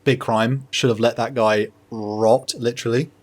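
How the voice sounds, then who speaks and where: Brief: male podcast host, mid-pitched, comedic recap, breaks into laughter and quick character bits. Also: fairly even intonation. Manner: jokey, laughing, acting out characters in quick paraphrase.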